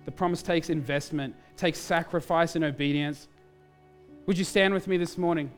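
Male pastor, lively sermon storytelling, faint music underneath. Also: on the high side. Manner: animated storytelling, quick asides.

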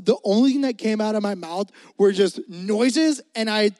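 A man's voice: sits high, moderate pace, a little mellow, no echo. A young adult man preaching a casual sermon, chatty and full of fillers, often turning to the crowd with asides. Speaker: pastor.

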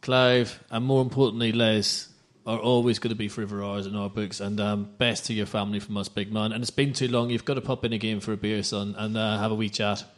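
Fast-talking chatty podcast host. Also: male voice, fairly low pitch, flat delivery. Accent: London English. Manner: chatty, jokey, quick. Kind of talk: casual football podcast chat.

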